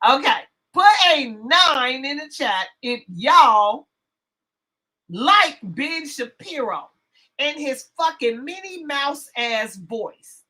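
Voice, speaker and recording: A livestream host delivers a casual rant to her chat, brash and profane. Her high, bright voice leaps and dips in lively swings, drawling at an unhurried pace and shifting from loud outbursts to hushed asides.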